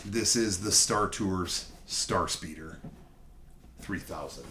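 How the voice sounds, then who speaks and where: A man telling a collecting story to camera in a mock-epic style, swinging from loud to hushed. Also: deep voice, slow pace, slight background noise. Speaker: toy collector vlogger.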